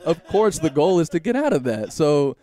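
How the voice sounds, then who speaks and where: A man's voice: a little high, sing-song, moderate pace, warm tone. A man in casual podcast chat, talking in a loose, slangy way with swearing.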